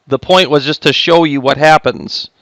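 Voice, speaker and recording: A man's voice: a little high, moderate pace, creaky, fairly bright tone, no room sound. Chatty man teaching a math lesson. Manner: chatty, self-interrupting, jokey asides. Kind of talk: recorded classroom lecture.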